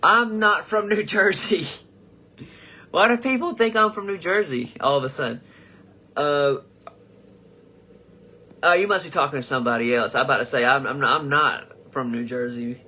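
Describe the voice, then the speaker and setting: Young man, livestream host, bright forceful voice, slightly high pitch, rambling, profane, reads comments aloud. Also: normal speed, long pauses, slightly rough. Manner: rambling and profane, with frequent restarts. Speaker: comedian host of a live show. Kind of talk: casual livestream reading fan comments aloud.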